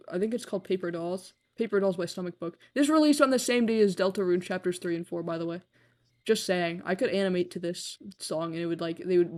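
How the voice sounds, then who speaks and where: A young woman talks off the cuff while she plays a game on a live stream. Her voice sits at an ordinary middle pitch. She rambles through loose, filler-heavy sentences, swears casually and jokes at her own expense. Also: a little mellow.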